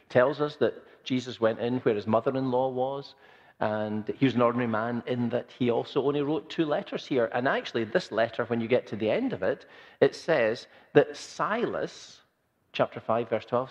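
A man preaching a sermon in an earnest, conversational way, often repeating phrases for emphasis. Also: mid-range voice. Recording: dull sound with long hall reverb.

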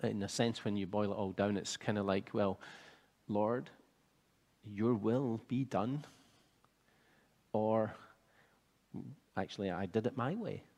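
Earnest preacher in an echoey hall. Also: male voice, on the low side, a little mellow. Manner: measured and earnest, building to fervent emphasis. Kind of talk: sermon.

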